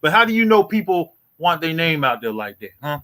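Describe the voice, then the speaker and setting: With a fairly high, sing-song voice that's fairly quick and sharp, a man in his forties running a boxing livestream mocks a rival. His rant is profane and repetitive, returning again and again to "boy" and "you hear me."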